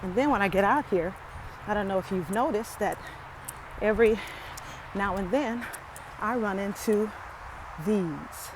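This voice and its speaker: A woman vlogs while walking a lakeside path through the woods, holding her phone and chatting to viewers with humor despite being winded. Her medium-pitched voice moves a little slowly, with long pauses, and the background is noisy.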